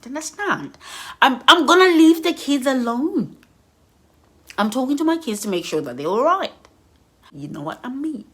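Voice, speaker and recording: A middle-aged woman telling a story in an animated storytime vlog, dramatic and expressive, acting out explosion sounds as she goes. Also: high-pitched, normal speed, long pauses, husky.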